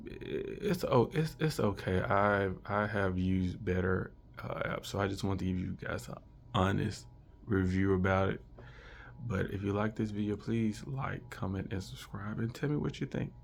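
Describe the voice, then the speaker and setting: A man in his thirties talks through a product review in a loose, rambling way, circling back and restarting his sentences. His voice sits low with a gravelly edge, and a faint hiss runs behind it. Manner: rambling, many restarts and fillers. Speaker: vlogger reviewing a language course. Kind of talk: casual unscripted review.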